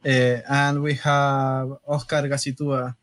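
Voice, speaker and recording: A man, a game developer, answering interview questions hesitantly with many pauses and restarts. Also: medium pitch, flat delivery, fairly bright tone. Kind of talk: casual interview chat.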